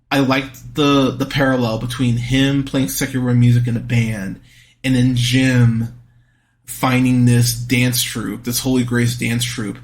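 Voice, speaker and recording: Male podcast host, mid-pitch voice, blunt, foul-mouthed, exasperated film-review monologue. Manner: blunt, swears freely, exasperated outbursts.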